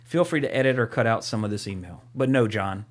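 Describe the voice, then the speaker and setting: A man's voice: on the low side, lively intonation, quick pace. A young man co-hosting a podcast, chatting casually and rambling, with lots of fillers, restarts and swearing. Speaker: podcast co-host.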